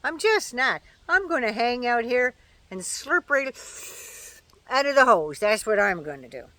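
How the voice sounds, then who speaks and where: A woman's voice: fairly high pitch, very animated, unhurried, sharp tone, dry recording. Chatty woman vlogging outdoors. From Canada. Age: older. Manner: chatty, folksy and opinionated, with dry asides. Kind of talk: casual chat to camera. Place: outdoors at home, in the shade.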